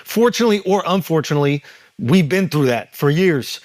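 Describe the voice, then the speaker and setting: Blunt, profane male comedian in casual podcast talk; higher-pitched, dry close-miked sound. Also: expressive, brisk, a little mellow, dry recording. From United States.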